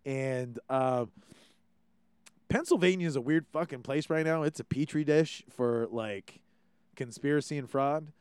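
A podcast host from Hawaii rants casually and swears freely in a casual opinion chat, acting out quotes as he goes. His mid-range voice is unhurried and darkish, with a clean tone and dry recording.

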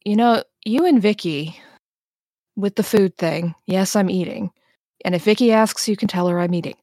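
A woman's voice: medium pitch, steady tone, fast, dark tone, no room sound, studio quality, lightly acted. A woman voicing a seasoned adult scavenger who is cocky but protective, reassuring family on a call and brushing off worry.

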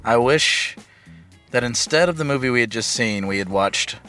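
A man's voice: medium pitch, animated, moderate pace, bright, forceful tone, faint music behind. A man co-hosting a movie podcast in casual chat, sarcastic and profane, ranting his opinions. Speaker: podcast co-host.

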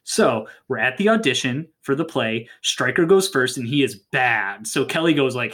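Brief: lively casual storyteller pitching a script, jumps into voices, corrects self. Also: measured pace. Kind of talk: casual comic retelling.

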